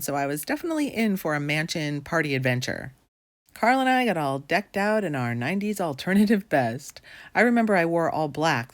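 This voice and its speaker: A woman's voice: low-pitched, no echo. A woman in her forties telling a comic true story about her own youth as a voice-over. She talks candidly and wryly and swears casually. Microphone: voice-over recorded for an animated video.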